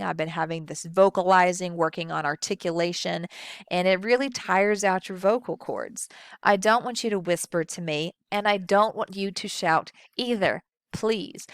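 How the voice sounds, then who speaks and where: A woman instructor giving a recorded lecture on public speaking, with deliberate, demonstrative delivery and well-placed pauses. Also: lowish voice, no echo, studio quality.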